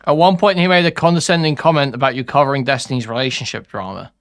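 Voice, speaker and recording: A man delivers drama commentary over a clip in a blunt, sarcastic way. He swears freely, and his voice sits at an ordinary mid pitch. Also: fast talker, fairly bright tone. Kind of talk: reaction commentary.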